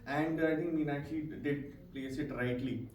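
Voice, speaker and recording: A man's voice: on the high side, steady tone, moderate pace, a little mellow, a little hiss or hum. A man giving encouraging feedback to a speaking club and leading a speech drill, with frequent "right?" tags. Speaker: language evaluator at a speaking club. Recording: echoey room, distant mic.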